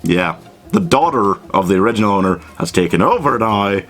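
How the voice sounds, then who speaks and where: A man's voice: fairly low pitch, big pitch swings, brisk, a bit bright, soft background music. A man giving a casual, comedic film review, sweary, self-mocking and enthusiastic.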